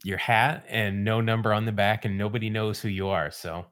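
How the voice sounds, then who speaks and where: A man with a fairly low voice hosts a casual podcast chat. He lays out history in a relaxed, storytelling way. He drops dry, wry asides along the way. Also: normal speed. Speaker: podcast host.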